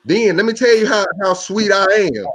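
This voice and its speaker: A man co-hosting a casual group podcast over a video call, telling a story in an animated way. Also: sits high, moderate pace. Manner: animated storytelling, acts out quotes. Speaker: podcast co-host.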